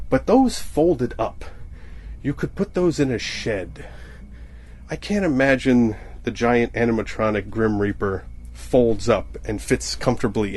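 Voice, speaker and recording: A young comedian podcaster rambles through a comedic monologue, often cutting himself off and laughing at his own jokes. His voice is medium-pitched with a darkish tone.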